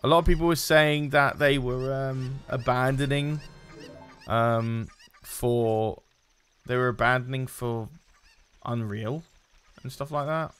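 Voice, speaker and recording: A man's voice: mid-range voice, steady tone, slow, a bit bright, smooth. A man streaming a video game, giving casual commentary as he plays, muttering to himself and swearing at the game.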